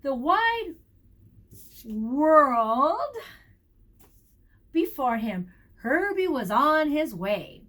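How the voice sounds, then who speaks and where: Teacher reading to kids: a woman with a high, very expressive voice, slow and clear. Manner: warm, animated storytelling with questions to children. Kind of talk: reading a picture book aloud to children.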